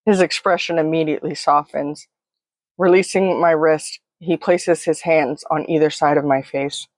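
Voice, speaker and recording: A woman's voice: deep voice, fairly even intonation, normal speed, dry recording. A woman telling a first-person story in a vivid, present-tense, close way. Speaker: narrator.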